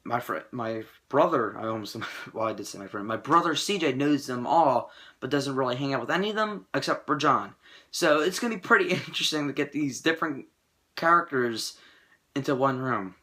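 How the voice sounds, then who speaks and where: A young man giving a casual, rambling movie review on his channel, with profane, excitable rants. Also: mid-range voice, brisk.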